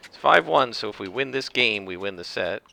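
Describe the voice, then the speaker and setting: A man giving casual commentary over his own tennis game, explaining the rules at length and rambling with restarts and throat clearing. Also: fairly low pitch, lively intonation, normal speed, sharp tone, a little hiss or hum. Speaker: gameplay commentator. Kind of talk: casual let's-play commentary.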